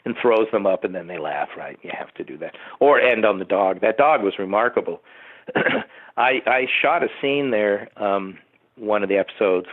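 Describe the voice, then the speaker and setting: A man, a TV producer being interviewed, rambling through behind-the-scenes anecdotes with asides to the host. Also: on the low side. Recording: tinny phone-like line.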